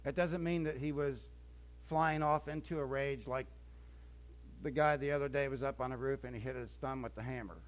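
A man preaching a sermon, telling the story in a lively, conversational way and acting out scenes, with a few stumbles and restarts. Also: mid-range voice, moderate pace.

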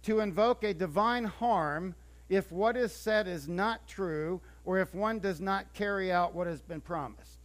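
Male preacher, high-pitched, animated storytelling, conversational sermon. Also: a little slow. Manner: animated storytelling, acting out scripture scenes; conversational, with stumbles and restarts.

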